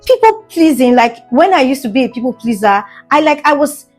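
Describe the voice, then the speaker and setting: A woman's voice: high voice, expressive, fairly quick, darkish tone, soft background music. A young woman vlogger talking earnestly to camera in a casual storytime monologue, full of fillers and repeated "do you understand?" checks. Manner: earnest, emphatic, keeps asking "do you understand?"; fillers and restarts, gets emotional at times.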